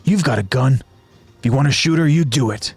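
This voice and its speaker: A man voicing a weary, reluctant male soldier who speaks in a flat, unwilling way. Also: mid-range voice, fairly quick, husky, no echo, faint music behind, pitched above the performer's own voice.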